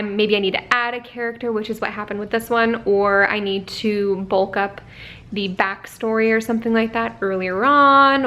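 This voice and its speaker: A young woman in her twenties, an author vlogging casually from home, chatty and rambling with frequent self-corrections. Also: pushed and bright. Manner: coos in a high voice when talking to her dogs. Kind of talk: casual vlog talk.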